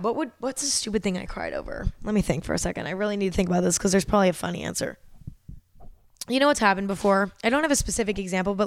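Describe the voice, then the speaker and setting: A woman's voice: mid-range voice, clean tone, no echo. A young woman hosting a casual solo podcast, talking openly and rambling, swearing freely as she goes. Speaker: podcast host.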